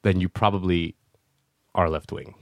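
Low-voiced young guy, earnest and halting, guest in a dry studio chat. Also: steady tone, no echo. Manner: hesitant, many restarts, earnest explaining. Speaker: podcast guest. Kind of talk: casual conversation.

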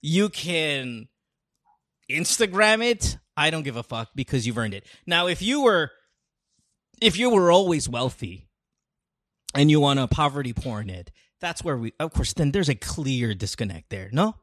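Male comedian host, high lively voice, dry close sound, blunt and profane. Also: measured pace, no room sound. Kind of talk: casual chat.

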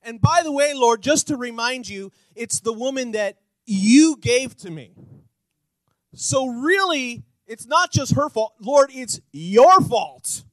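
A man's voice: extremely high pitch, animated, unhurried, fairly bright tone, dry recording, exaggerated voice. A man preacher voicing a whiny, self-excusing first man who blames everyone else, pleading and growing indignant.

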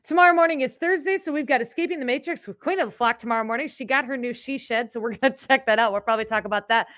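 A young adult woman hosting a casual live podcast, chatty and animated, laughing often and restarting her sentences. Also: on the high side, racing. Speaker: podcast host. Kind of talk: casual live-stream chat.

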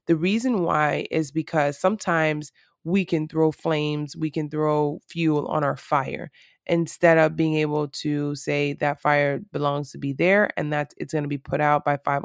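A woman's voice: sits low, dry recording, studio quality. A woman talking to camera in a casual, reflective monologue, earnest and rambling with lots of fillers.

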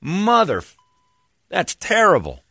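This middle-aged talk radio host takes it slowly, his slightly rough voice carrying vocal fry as he rants profanely and laughs at his own lines, pitch swinging all over in casual banter. The recording is dry and studio quality.

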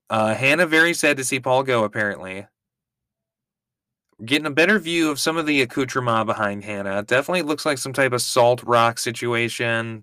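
A man's voice: medium pitch, normal speed, bright, forceful tone, clear, resonant tone, no echo, studio quality. A man hosting a podcast, chatting casually and wryly with offhand swearing during a watch-along. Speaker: podcast host.

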